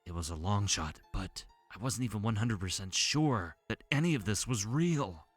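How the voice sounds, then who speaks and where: A man's voice: fairly low pitch, expressive, moderate pace, husky, no room sound, faint music behind. A man narrating a horror story in a tense, dramatic way.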